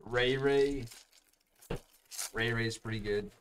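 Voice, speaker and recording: A man's voice: medium pitch, steady tone, slow pace, fairly bright tone, slight background noise. A young man hosting a live card break, chatting casually and calling out each card as he opens packs. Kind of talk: live-streamed pack opening chat.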